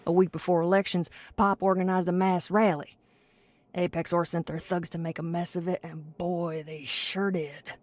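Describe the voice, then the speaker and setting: A woman's voice: on the low side, little pitch movement, normal speed, close to an everyday voice. A woman voicing a bitter, foul-mouthed local woman in a narrative game, blunt and scornful. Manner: blunt and scornful, swears freely. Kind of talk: game character dialogue.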